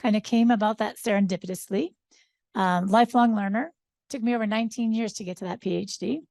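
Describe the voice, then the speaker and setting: A woman's voice: medium pitch, brisk, gravelly, a little mellow, no echo. An older woman, a social psychologist and grandmother, speaking upbeat on a seminar panel with frequent ums.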